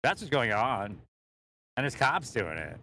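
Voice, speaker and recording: Very animated yet unhurried, this vlogger speaks in a medium-pitched, bright, forceful voice while driving. His talk wanders, broken by frequent laughs, and he occasionally drifts away from the dash-mounted mic.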